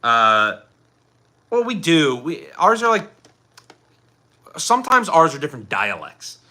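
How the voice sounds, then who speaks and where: Chatty Philly man with a bright voice. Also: fairly high pitch, very animated, measured pace. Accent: Philadelphia. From Philadelphia, USA. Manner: rambling, loose and chatty. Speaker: livestream host. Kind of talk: casual livestream chat reading comments.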